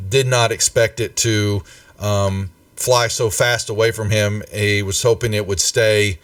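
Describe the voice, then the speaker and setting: A man's voice: fairly low pitch, no echo, far from the mic. A man narrating a tabletop game as game master in a loose, conversational way, often searching for words.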